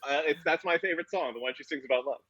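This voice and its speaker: A man's voice: fairly high pitch, very fast, sharp tone. A man in a casual chat about music picks, jokey and rambling. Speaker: co-host.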